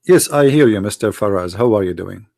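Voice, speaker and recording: A man's voice: lowish voice, animated, brisk, gravelly, warm tone, dry recording, clean studio sound. A man with an Arabic accent hosting a live call-in debate stream, asking insistent, challenging questions. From Middle East. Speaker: debate livestream host.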